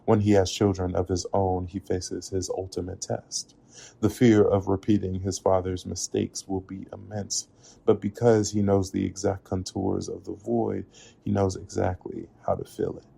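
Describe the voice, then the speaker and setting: A man with a very deep, gravelly voice delivers a reflective spoken essay. His tone is dark and husky, and his pacing is measured and earnest. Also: flat delivery. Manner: measured, earnest, with occasional laughs at slips. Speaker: narrator.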